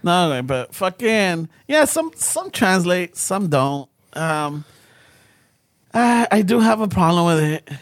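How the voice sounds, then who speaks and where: Animated, lively man. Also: high-pitched, slow, no echo, clean studio sound. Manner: animated storyteller, switches between English and Spanish. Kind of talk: casual chat.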